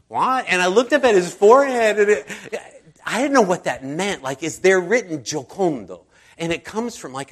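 A man preaching a casual sermon, telling personal stories in a chatty, conversational way and acting out the people he quotes. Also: a little high. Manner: chatty storyteller, acts out quoted voices. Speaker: pastor.

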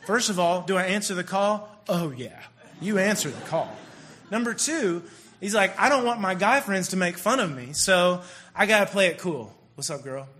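A young man talks through a comic monologue in a lively, animated way. His voice sits high for a man, and he slips in and out of the characters he describes. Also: moderate pace, a little hiss or hum. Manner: animated, acts out quoted voices. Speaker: speaker. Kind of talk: comedic monologue.

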